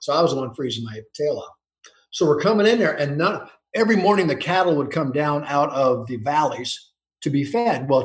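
In a relaxed interview, a male football coach spins long stories full of restarts and small laughs. He speaks in a mid-range voice in an echoey room, and the audio is poor.

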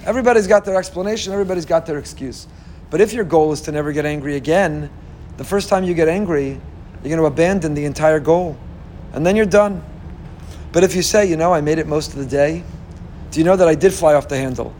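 Animated preaching man, slightly high voice. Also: fast talker, slight background noise. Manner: animated, acts out inner voices, humorous asides. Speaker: rabbi. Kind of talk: sermon.

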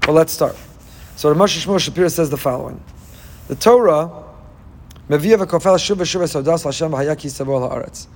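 A man's voice: fairly high pitch, normal speed, a little mellow, big-room sound. A man giving a Torah sermon. He reads Hebrew verses, translates them line by line and asks his listeners rhetorical questions. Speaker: rabbi teaching Torah.

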